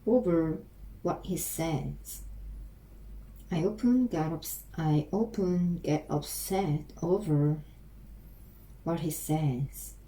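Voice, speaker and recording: A woman with a Korean accent practicing English on her own, haltingly repeating and restarting phrases. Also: low-pitched, mellow, rough recording. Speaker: language learner practicing English. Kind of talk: self-recorded English practice.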